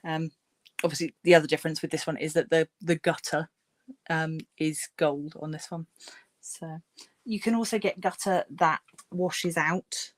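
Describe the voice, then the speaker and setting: A woman's voice: sits low, steady tone, moderate pace, no room sound. A woman hosting a crafting livestream, chatting casually with many fillers while she paints and murmurs to herself.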